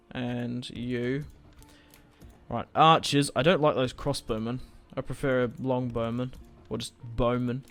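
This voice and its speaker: Smooth-voiced man commentating a game. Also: medium pitch. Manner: casual, thinking aloud, swears when frustrated. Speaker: gaming channel host. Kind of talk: live strategy game commentary.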